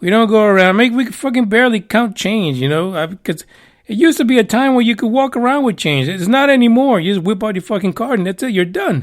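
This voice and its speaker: A man's voice: sits high, expressive, fast talker. A man hosting a casual talk show, rambling with profane joking asides. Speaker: podcast host. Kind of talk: casual radio show chat.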